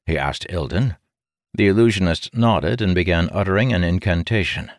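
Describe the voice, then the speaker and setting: A man narrating a fantasy audiobook in a measured, expressive storytelling manner on a close mic. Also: sits low, no echo.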